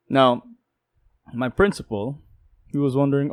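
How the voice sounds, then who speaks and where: A young man casually telling a personal story in a lively, jokey way, with quick asides. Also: mid-range voice, no echo. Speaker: storytelling YouTuber.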